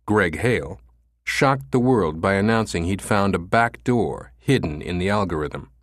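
A man narrating an audiobook in a measured, even reading style. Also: on the low side, no echo, clean studio sound. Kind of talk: scripted narration.

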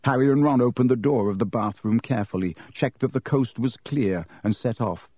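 Man reading a storybook, mellow. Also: mid-range voice, brisk, no room sound. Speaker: audiobook narrator. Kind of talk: storybook narration.

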